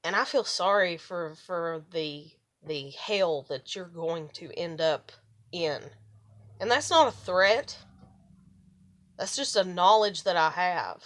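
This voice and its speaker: A middle-aged woman vlogging in a rambling, profane monologue, animated when she retells arguments. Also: on the low side, slow pace. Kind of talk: casual monologue to camera.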